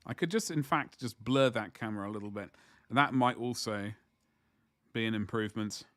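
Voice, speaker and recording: A man talking to his livestream audience while he works on miniatures. His voice is bright and his chat rambles along with joking asides and self-corrections. It sounds like an easygoing hobby stream. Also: fairly low pitch, fairly quick.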